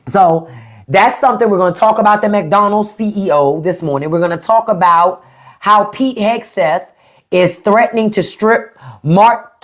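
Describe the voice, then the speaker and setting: Blunt, animated woman with a DC-area accent. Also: mid-range voice. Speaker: podcast host. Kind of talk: casual live-stream chat. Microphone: phone or desk mic on a live stream.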